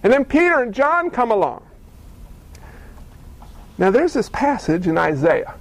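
High-voiced animated preacher man. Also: measured pace, poor audio. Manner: animated, acts out voices of people in the story. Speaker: pastor. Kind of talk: sermon.

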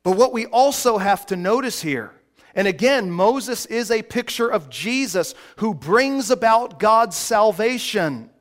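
A man preaching a sermon, slow and emphatic, with dramatic pauses. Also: high-pitched, lively intonation. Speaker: pastor.

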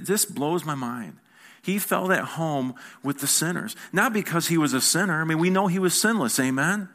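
A man's voice: fairly high pitch, a bit bright. A man preaching a sermon as pastor, talking conversationally, asking the congregation questions and repeating words as he goes. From United States.

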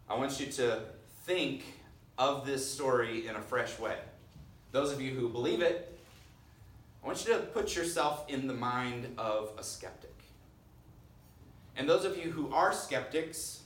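A man in his thirties preaching a sermon as pastor, earnest, dropping to a hush on key phrases. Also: mid-range voice. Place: church sanctuary. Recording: roomy sound from far off.

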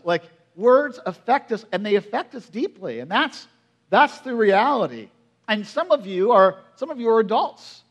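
Man, pastor, sermon, fairly high voice, chatty, questions to the room. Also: lively intonation, moderate pace. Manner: conversational, asks the congregation questions; drops to a quiet, hushed voice at emotional moments.

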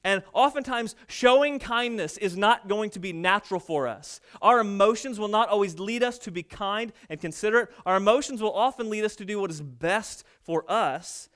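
A man's voice: sits high, normal speed, few pauses, a bit bright. A man in his thirties preaching a sermon as pastor, telling family stories in a conversational, self-deprecating way. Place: church stage.

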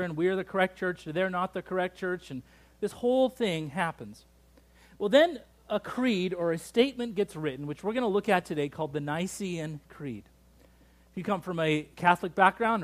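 Guy preaching in church, high-ish voice, jokey and lively with the crowd. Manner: lively, joking, engages the congregation. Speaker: pastor. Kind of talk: sermon.

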